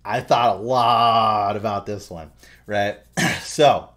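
A man co-hosting a podcast, telling a story in animated, profane casual chat. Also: on the low side, slow pace. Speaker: podcast co-host.

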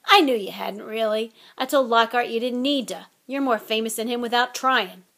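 A woman voicing a huge, gruff male half-giant groundskeeper who talks loudly and bluntly, growling, in an audiobook reading. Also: fairly high pitch, normal speed. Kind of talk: audiobook character voice.

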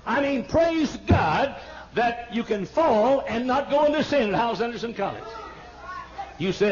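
An older man preaching a sermon in a church, emphatic, stammering into repeats and rising to sudden shouts. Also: extremely high pitch, lively intonation, unhurried. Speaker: pastor. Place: large church auditorium. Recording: dull lo-fi archival sermon tape.

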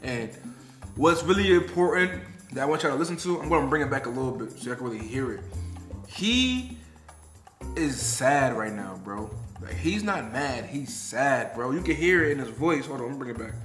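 A man's voice: mid-range voice, animated, normal speed, fairly bright tone, reverberant, faint music behind. A young man hosting a casual reaction video, talking in loose slang and laughing along. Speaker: reaction channel host. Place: indoors, sit-down video.

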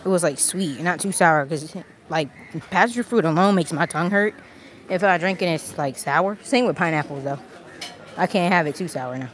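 A woman with a slightly low voice chats loosely through a handheld phone while she livestreams from a busy outdoor restaurant patio. She rambles, laughs easily and sounds a bit out of breath, with people milling around behind her. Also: moderate pace. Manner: chatty, rambling, laughs often. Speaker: vlogger. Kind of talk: casual live-stream chat. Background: crowd of people.

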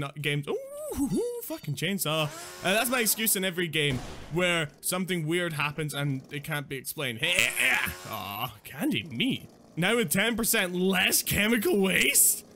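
A young man doing lively Let's Play commentary, excitable and swearing as he plays. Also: sits high. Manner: excitable, swearing, laughing, silly asides. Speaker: gaming YouTuber.

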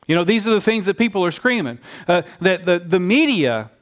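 A male pastor preaching a sermon in a conversational, animated storytelling way, often restarting his phrases. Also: sits high, fairly quick.

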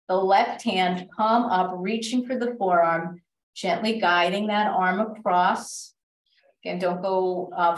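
A woman instructor guiding a stretch class with calm, step-by-step cues and gentle reminders, recorded in a library class room. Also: mid-range voice. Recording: echoey room, voice from a distance.

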